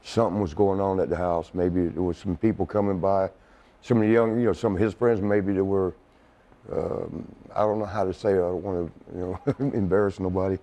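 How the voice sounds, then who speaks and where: A man, a former wrestler, telling stories in a relaxed, rambling way, often laughing. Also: deep voice, fairly quick. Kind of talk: casual storytelling interview.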